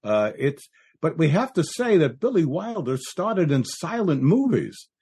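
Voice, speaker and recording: A man's voice: fairly high pitch, very animated, measured pace, dark tone, breathy edge. A man co-hosting a classic film podcast, talking enthusiastically and laughing easily. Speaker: podcast co-host. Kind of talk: casual film discussion.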